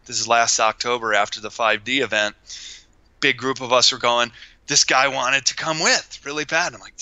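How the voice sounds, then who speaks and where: Bright, crisp-voiced gregarious man. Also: medium pitch, normal speed, no echo, lo-fi sound. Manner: gregarious, animated, acts out quoted voices. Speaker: guest. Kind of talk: casual storytelling chat.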